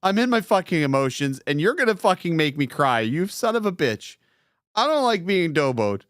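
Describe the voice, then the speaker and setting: A man hosting a casual live stream, tipsy and rowdy, swearing and laughing loudly. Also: a little high, big pitch swings, moderate pace, no room sound, clean studio sound. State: tipsy from drinking beer. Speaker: streamer, channel host.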